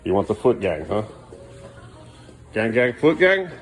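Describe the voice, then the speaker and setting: A man's voice: fairly low pitch, sing-song, a little slow, soft background music. A man filming a casual home vlog, coaxing his small son along and chatting to the camera at home at night. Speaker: father filming his family.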